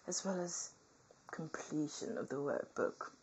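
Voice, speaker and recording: A woman reading a nursing workbook aloud as comedy, with theatrical asides that swing between whispers and loud outbursts. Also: deep voice, unhurried, breathy edge, rough recording.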